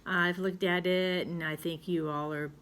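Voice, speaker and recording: A middle-aged woman teaching a recorded spelling lesson to second graders, chatting slowly and gently with many pauses and fillers. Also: on the low side, steady tone.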